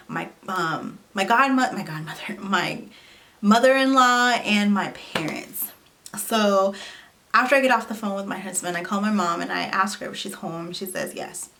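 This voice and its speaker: A young woman telling a personal story to camera in a casual vlog, talking in an animated way with lots of "like" and "you know". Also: mid-range voice. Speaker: vlogger.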